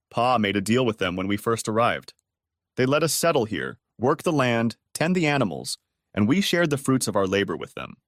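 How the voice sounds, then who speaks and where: A man's voice: medium pitch, fairly bright tone, dry recording, studio quality. A man voicing a genial old-west cowboy ghost judge with a folksy, courteous Texas drawl.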